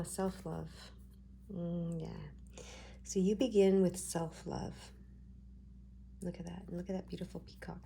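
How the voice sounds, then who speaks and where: A woman giving a tarot card reading, talking gently and reassuringly with frequent check-ins to her viewers. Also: lowish voice, vocal fry, a little hiss or hum. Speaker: tarot reader.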